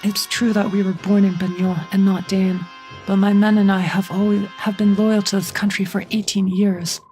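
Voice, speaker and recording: A woman's voice: medium pitch, level tone, normal speed, darkish tone, soft background music, natural voice. Woman voicing a proud loyal soldier guy, earnest, game dialogue. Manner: earnest, wounded pride. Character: loyal foreign-born male commander, earnest.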